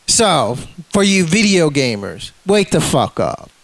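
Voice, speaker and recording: A man with a high-pitched voice rants, cursing freely and calling people out. His sound is dry and close, with no room behind it. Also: big pitch swings, slow, no room sound, rough recording. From United States. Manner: ranting, profane, confrontational. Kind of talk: profane rant to camera.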